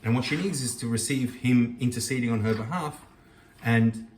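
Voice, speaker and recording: The host, a man with a mid-range voice, speaks at a moderate pace as he reads Hebrew scripture and reflects on it earnestly. This Torah teaching was captured in an echoey kitchen with the mic at a distance. A little hiss or hum can be heard.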